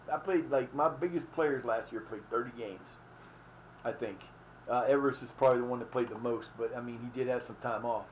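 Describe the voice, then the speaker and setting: A man's voice: medium pitch, slight background noise. A man casually chatting while streaming a football management game, rambling and swearing now and then. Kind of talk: casual live-stream commentary. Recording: slightly dull lo-fi mic.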